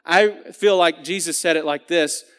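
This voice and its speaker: A man's voice: on the high side, measured pace, fairly bright tone, clear, resonant tone. Earnest man preaching in a reverberant church. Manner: earnest, conversational, many restarts and fillers. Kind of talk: sermon. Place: church sanctuary.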